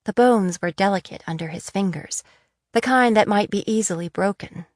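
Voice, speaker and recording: A woman narrating a fantasy audiobook in a measured, steady reading. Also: mid-range voice, no echo, studio quality. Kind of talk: scripted narration.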